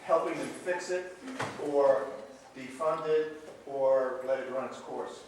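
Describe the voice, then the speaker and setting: A man's voice: mid-range voice, slow pace. Give me a hesitant man asking from the floor. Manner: hesitant with many uh's. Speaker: audience member asking a question. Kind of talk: question from the floor. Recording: echoey hall, far from the mic, audible noise.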